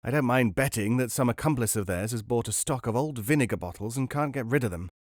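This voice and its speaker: A man voicing a smooth, unflappable con man with a breezy, clubby manner. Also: medium pitch, quick pace, no echo, studio quality, natural voice. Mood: explaining. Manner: breezy, jovial, clipped.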